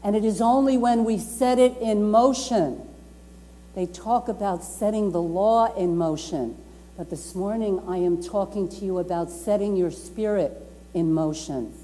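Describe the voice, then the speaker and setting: A woman's voice: mid-range voice, unhurried, warm tone. A woman reverend preaching a Sunday sermon, stressing and repeating her key phrases and inviting the congregation to speak along. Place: community lounge at a YMCA. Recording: long reverb from a lounge room.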